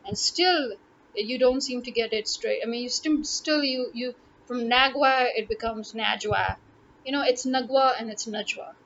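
Here a woman from Pakistan, a vlogger with a Pakistani English accent, gives an exasperated casual monologue of opinions to camera, full of rhetorical questions. Her pitch is a little high and her pace moderate. Faint noise runs through the dull, lo-fi recording.

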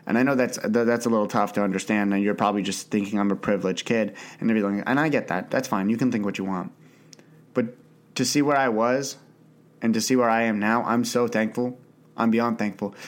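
A young man hosting a solo podcast, talking earnestly and off the cuff with frequent restarts and the odd swear word. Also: medium pitch. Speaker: podcast host. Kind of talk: unscripted solo podcast monologue.

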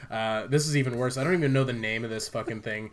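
Regular-pitched guy hosting a podcast, jokey and sweary, makes fun of himself. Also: fast talker. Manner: jokey, profane, self-deprecating. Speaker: podcast host. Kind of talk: casual chat.

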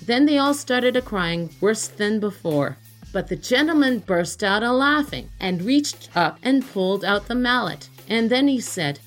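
A woman hosting a podcast, reading an old folk tale aloud in a lively storytelling manner. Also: medium pitch, a little slow, soft background music. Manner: lively read-aloud, lifting her voice for characters' cries. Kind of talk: storytelling narration.

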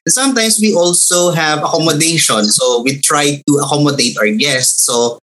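A man from the Philippines with a Filipino accent, explaining language terms in a measured, lecturing way with examples. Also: on the high side, a bit bright, poor audio. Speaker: linguistics guest. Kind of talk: explanatory discussion.

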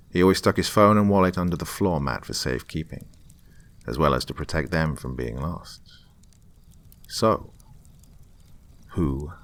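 A man narrating a scripted horror story in a slow, hushed, suspenseful delivery. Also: extremely low pitch.

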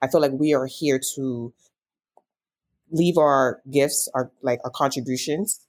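A guest on an interview show who works as a life coach. The delivery is earnest and reflective, with an even, mid-pitched voice. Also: measured pace. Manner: reflective, earnest, spiritual musing. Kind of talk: casual conversational interview.

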